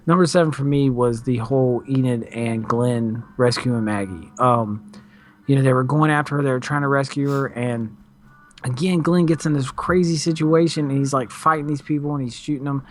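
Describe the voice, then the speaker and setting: A man's voice: mid-range voice, moderate pace. A man co-hosting a casual recap chat, talking in a laid-back, rambling way with plenty of fillers. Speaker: podcast co-host.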